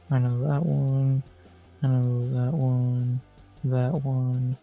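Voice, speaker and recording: A man's voice: medium pitch, little pitch movement, takes it slowly, vocal fry, phone-quality sound, faint music behind. A man streaming live, muttering and swearing casually as he plays through quizzes, saying he's losing his voice. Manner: mutters and swears at quiz questions.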